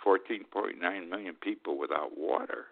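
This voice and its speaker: An older man from upstate New York hosting a radio talk show, giving a blunt, sarcastic commentary monologue and often tagging on "okay?". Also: low-pitched. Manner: blunt, sarcastic, drawn-out emphasis with frequent "okay?". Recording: tinny phone-like radio audio.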